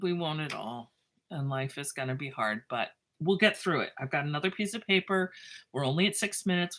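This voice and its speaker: A woman teaching a math lesson in a chatty, self-mocking way, with lively asides and a drawn-out pace while she writes. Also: deep voice.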